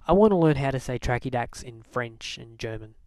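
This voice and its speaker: A man chatting casually to camera as a vlogger, relaxed and full of fillers. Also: mid-range voice, brisk, no room sound.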